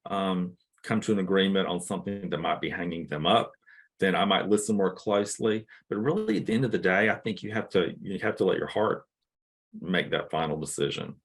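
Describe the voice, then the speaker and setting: A man speaking as a novelist on a panel, measured and thoughtful with careful pauses. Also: low-pitched. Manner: measured, thoughtful, hesitant fillers. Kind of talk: casual panel discussion.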